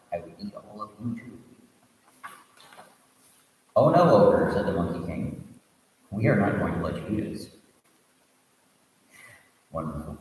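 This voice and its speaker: A man, a reverend, tells a Buddhist tale as a sermon, reading aloud with asides and restarts and giving the characters lively voices. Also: mid-range voice. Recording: echoey, reverberant room audio from a distant mic.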